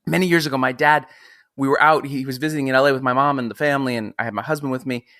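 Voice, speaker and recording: Male interviewer, fifties, bright middle-pitched voice, rambling storyteller. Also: very fast, dry recording, studio quality. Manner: animated, rambling storyteller with restarts. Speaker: podcast interviewer. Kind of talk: casual conversational interview.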